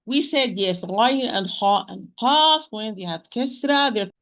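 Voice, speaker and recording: A woman teaching tajweed online, repeating sounds slowly and patiently, with frequent restarts. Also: on the high side, expressive, a bit bright. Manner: hesitant restarts, addresses listeners as sisters. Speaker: Quran recitation teacher. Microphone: home computer mic on a shaky internet connection.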